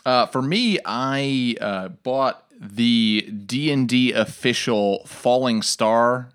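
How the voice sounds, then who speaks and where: A man in casual podcast chat, recounting a story with animated, quoted voices. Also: medium pitch, slow, clear, resonant tone. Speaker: game master and ministry worker.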